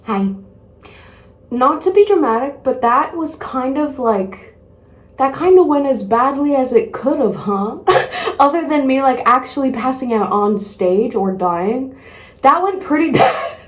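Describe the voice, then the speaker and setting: A woman's voice: high-pitched, lively intonation, measured pace. A woman vlogger talking casually to camera, candid and rambling, speaking frankly about herself. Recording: echoey room.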